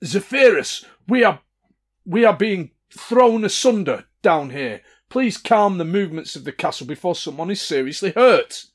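Earnest male adventurer, booming and theatrical , played by a man at the table. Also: lively intonation, normal speed. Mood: pleading.

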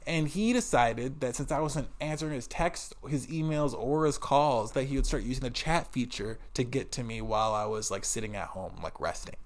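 Guy venting about his old boss, swears a lot, animated, casual vlog. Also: mid-range voice, moderate pace, few pauses. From United States. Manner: profane, animated, exasperated. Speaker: vlogger. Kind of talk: casual storytelling.

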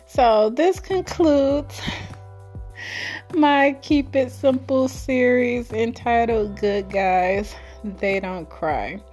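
A woman casually telling a personal story in her own series, chatty and colloquial, breaking into high giggles. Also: extremely slow, a little mellow, soft background music. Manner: laughs often, with high giggles while telling stories; chatty and colloquial, with many fillers.

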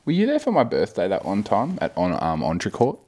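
A young man co-hosting a podcast in casual chat, telling quick gags and bluntly grossed out by food talk. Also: fairly low pitch, huge pitch swings, darkish tone. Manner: jokey, tells short gags, blunt and squeamish. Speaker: podcast co-host.

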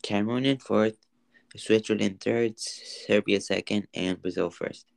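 Gravelly low-voiced young man. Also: steady tone, measured pace, no echo, poor audio. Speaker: podcast co-host. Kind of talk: casual sports chat.

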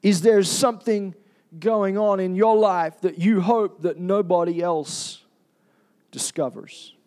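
Male preacher, high voice, emphatic and confessional, piles up rhetorical questions. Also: fairly even intonation, slow, darkish tone. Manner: confessional storytelling. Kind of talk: sermon.

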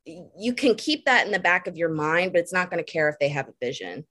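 A young woman, a makeup artist guest, chatting casually and telling lively stories on a podcast. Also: fairly low pitch, quick pace. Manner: animated storyteller, laughs while telling.

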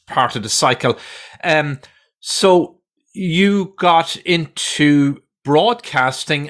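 A man's voice: fairly high pitch, fairly bright tone. Man, podcast host, casual interview, reactive. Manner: reactive, lots of "oh" and "yeah".

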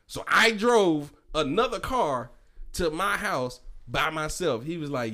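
Male podcast co-host, casual storyteller, animated and profane, quotes friends, laughs a lot. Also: on the high side, slow.

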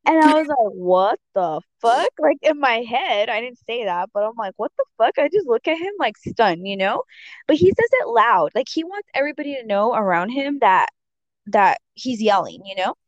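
Woman, casual storytelling, rambling, filler words, slightly high voice, dull lo-fi audio. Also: sing-song, normal speed, dry recording. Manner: rambling, heavy on fillers, acts out quotes. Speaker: storyteller in a conversation.

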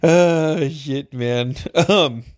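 Slow, swearing, laughing man. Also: on the high side. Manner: laughs often, swears constantly. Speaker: storyteller. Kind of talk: casual storytelling.

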